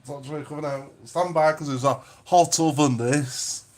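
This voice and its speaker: A man's voice: fairly high pitch, fairly even intonation, normal speed, a little mellow. A man with a Lancashire accent co-hosting a casual live stream, joking and bantering while baking. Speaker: channel co-host.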